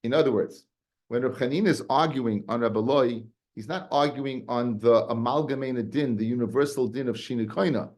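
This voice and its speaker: A man teaching a casual Talmud class, animated and often repeating words as he explains. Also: medium pitch, a little fast.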